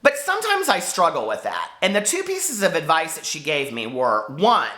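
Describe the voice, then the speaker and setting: Squeaky high-voiced guy, 40s, bright voice, fired up and hurt, echoey room. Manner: impassioned and hurt, swearing. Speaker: book vlogger. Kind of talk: emotional vlog rant to camera.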